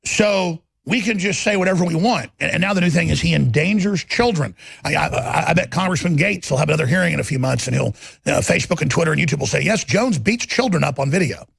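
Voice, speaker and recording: A combative male talk show host with a heavily gravelly, husky voice. He rambles through an impassioned political monologue, delivered fairly high for a man and very dry, with no room sound. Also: fast, fairly bright tone, no echo.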